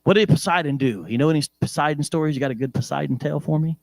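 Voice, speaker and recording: A male preacher with an American accent giving a lively sermon in church, joking and asking the congregation questions. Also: fairly high pitch, very fast, gravelly, no room sound.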